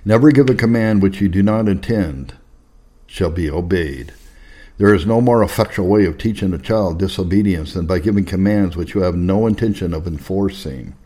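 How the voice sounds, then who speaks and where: Deep, mellow formal narrator. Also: male voice. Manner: measured and formal. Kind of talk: audiobook reading of an old text.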